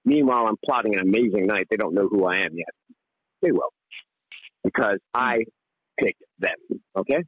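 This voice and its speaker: A man's voice: on the low side, a little fast, dry recording, highs cut off. A man with an English accent calling in to a radio show, rambling and profane in a theatrical way. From England. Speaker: radio caller. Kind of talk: rambling comic call-in chat.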